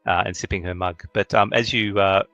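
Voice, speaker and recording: A man narrating as game master of a tabletop game, halting with many fillers and restarts. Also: deep voice, fairly even intonation, fairly bright tone, dry recording, dull audio, faint music behind.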